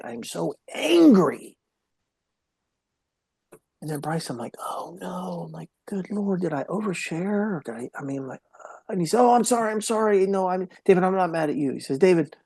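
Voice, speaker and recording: On a dry recording, a fairly high-pitched middle-aged man talks about his own life during a podcast interview. He's a mental health speaker whose storytelling is heartfelt and emotional, at moments falling to a hush.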